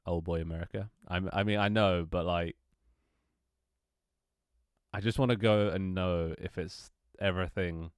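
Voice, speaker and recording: Unhurried and given to long pauses, a young London man with a very low, clear, resonant voice rambles to his stream viewers in a fairly even tone. He curses casually, trips over words and often restarts or laughs. The recording is dry and close.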